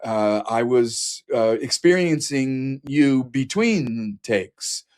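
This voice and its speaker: An older man, a casting director, hosting a podcast interview, speaking in a measured and reflective way with some hesitations. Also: mid-range voice, expressive, darkish tone. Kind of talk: conversational interview.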